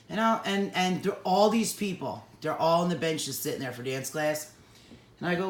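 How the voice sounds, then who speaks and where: A woman co-hosting an online sale, telling animated stories with a lot of laughter. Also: low voice, fairly quick. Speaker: co-host selling magical items. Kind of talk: casual storytelling chat. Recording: echoey room.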